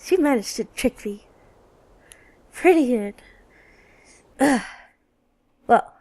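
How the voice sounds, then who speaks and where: Expressive woman gamer talking through a game. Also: on the high side, takes it slowly, low-quality recording. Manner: expressive, exclaims and laughs at the game. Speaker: let's play gamer. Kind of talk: casual gameplay commentary.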